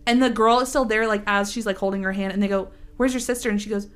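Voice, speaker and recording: A woman's voice: medium pitch, quick pace, clear, resonant tone. A woman hosting a casual chat, telling stories animatedly with lots of fillers. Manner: animated storyteller, many fillers.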